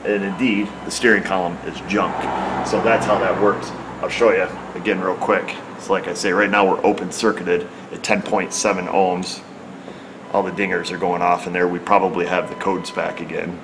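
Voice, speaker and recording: Guy at a repair shop walking thru a car fix step by step, lowish voice, car running in the background. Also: little pitch movement, moderate pace, noisy background. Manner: plain-spoken, explains step by step while working. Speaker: auto repair technician. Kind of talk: hands-on repair demonstration.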